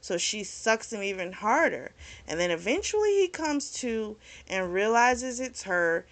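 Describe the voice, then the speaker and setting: A woman's voice: medium pitch, sing-song, a little slow. A woman hosting a book club video, giving a casual, blunt recap of a novel's plot and peppering it with swearing and "like.". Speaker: book club vlog host.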